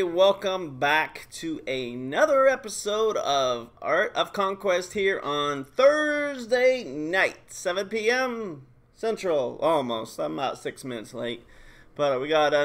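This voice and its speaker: A high-voiced man hosts a casual live stream, talking through gameplay. He jokes around and breaks into excited bursts of hype. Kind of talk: casual game commentary.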